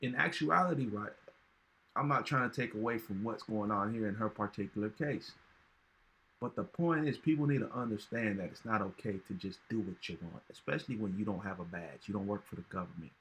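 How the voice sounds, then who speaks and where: A man with a bright, forceful voice delivers casual reaction-video commentary. He talks emphatically and leans on slang, often repeating himself for effect. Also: fairly low pitch, fairly quick.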